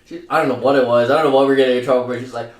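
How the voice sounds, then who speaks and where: A man tells a childhood story in casual conversation and drops wry, jokey asides along the way. His pitch is mid-range. The room is echoey, and he sits back from the mic. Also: fairly even intonation, rapid-fire. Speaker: co-host. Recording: roomy echo, mic at a distance.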